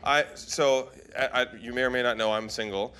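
Bright-voiced man joking onstage. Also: medium pitch, fairly even intonation, moderate pace. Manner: self-mocking, wry humor. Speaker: TV host talking with an interviewer. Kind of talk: joking on-stage conversation. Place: on stage before a live audience.

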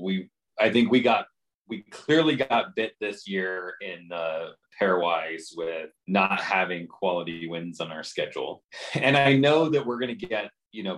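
A man's voice: low-pitched, a bit bright. A man co-hosting a podcast, chatting casually about his team's schedule with many fillers and restarts. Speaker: podcast co-host. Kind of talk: casual sports chat.

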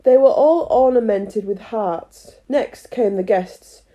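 A woman's voice: on the high side, takes it slowly, dark tone, highs cut off. A woman reading a children's classic aloud, chatty and self-deprecating between chapters. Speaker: audiobook reader. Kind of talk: chatty intro then storybook reading.

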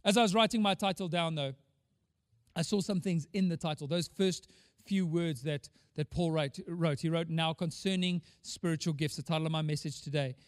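Emphatic high-voiced pastor preaching. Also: male voice, normal speed, dry recording, studio quality, long reverb tail. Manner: emphatic, rhetorical questions, repeats words. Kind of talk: sermon.

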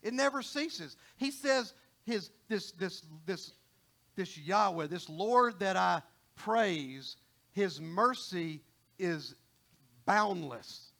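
A man's voice: high voice, lively intonation, slow pace, creaky, a bit bright. A middle-aged man preaching a sermon in a folksy, conversational way, often repeating and restarting phrases.

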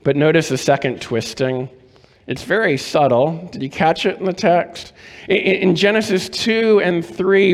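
A male pastor preaches at an unhurried, deliberate pace, pausing on rhetorical questions. His voice sits a little high for a man. The sound carries the long reverb of a church sanctuary. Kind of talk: sermon.

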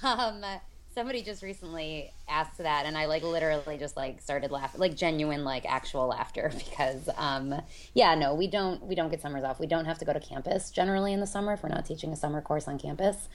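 A woman who teaches college and yoga, co-hosting a podcast in relaxed casual chat. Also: sits low, fairly quick, a little hiss or hum.

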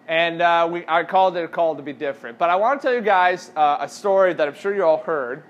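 A man's voice: high-pitched, animated, a little fast, hardly any pauses. A man as youth pastor, giving a casual sermon and asking the audience questions.

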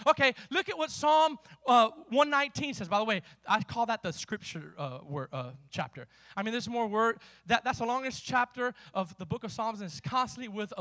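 High, bright-voiced fiery preacher man. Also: expressive, no echo. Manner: fiery preaching, shouting bursts, slow emphatic readings; playful, jokes with the congregation. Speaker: pastor. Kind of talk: sermon.

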